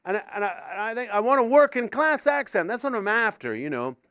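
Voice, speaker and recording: A middle-aged man performing a rambling stand-up set, excitable and sweary, with sudden yelps. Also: sits high, quick pace, clear, resonant tone, no echo, clean studio sound. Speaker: stand-up comedian.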